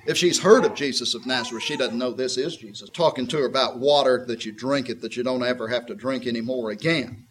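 A man giving a conversational Bible teaching, folksy and reflective, with a husky voice. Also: mid-range voice, quick pace, few pauses, a little hiss or hum, rough recording. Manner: folksy and reflective, voices the woman with a tart, skeptical edge. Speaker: preacher.

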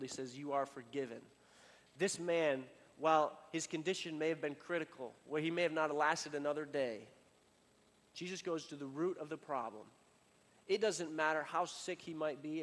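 Conversational preacher in a reverberant hall. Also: male voice, on the high side. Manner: conversational, many fillers and restarts, building emphasis then dropping soft. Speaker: pastor. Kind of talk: sermon.

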